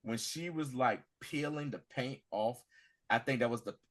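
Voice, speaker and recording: A man co-hosting a podcast, retelling a TV episode in a casual, animated way and acting out the characters' lines. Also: medium pitch, normal speed. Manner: animated storytelling, acting out scenes in voices. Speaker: podcast co-host. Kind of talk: casual TV recap chat.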